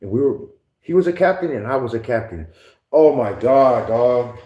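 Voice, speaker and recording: A man's voice: medium pitch, expressive, moderate pace. A man casually telling stories with heavy slang and profanity, often laughing and mimicking others. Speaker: podcast guest telling prison stories. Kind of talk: casual storytelling. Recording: echoey room, dull lo-fi sound.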